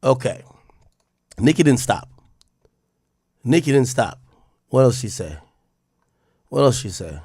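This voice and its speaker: A man's voice: mid-range voice, big pitch swings, slow pace, long pauses, darkish tone, breathy edge, no room sound, studio quality. A man streaming live, reading posts aloud and muttering his reactions to himself, rambling and swearing freely.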